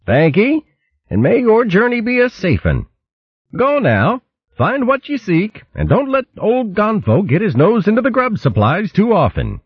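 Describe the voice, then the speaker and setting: A man's voice: high-pitched, wildly swooping pitch, a little slow, breathy edge, dry recording, dull audio, voice pushed up, full character voice. A man voicing a brawny, cheerful female otter queen with hearty, folksy speech. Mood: warm farewell.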